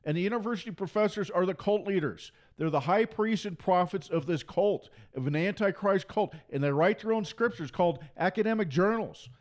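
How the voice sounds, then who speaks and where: A man's voice: sits high, a little fast, few pauses, a little mellow. A man preaching an impassioned monologue, fiery and mocking, hammering points through repetition. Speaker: Christian preacher and commentator.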